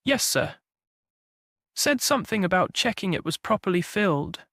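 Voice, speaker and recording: A man's voice: high voice, sing-song, moderate pace, gravelly, a bit bright, no echo, studio quality, full character voice. A man voicing an anxious young male gardener's boy who talks in country dialect, in an audiobook mystery.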